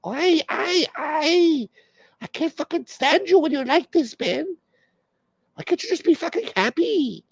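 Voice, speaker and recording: A shrill, whiny wife scolding her sulky star husband. She nags in a lively, swooping voice, loud and dry with no room sound. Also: measured pace, dry recording, full character voice, poor audio. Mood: nagging, scolding. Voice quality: shrill high falsetto. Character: nagging, exasperated wife of a grumpy movie star. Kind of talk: comedic impression in a rant.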